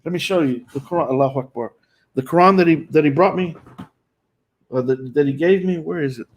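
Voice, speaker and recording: A man's voice: on the high side, a little fast, slightly rough. A middle-aged man hosting a live stream, giving an earnest personal testimony full of repetitions and restarts. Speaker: host.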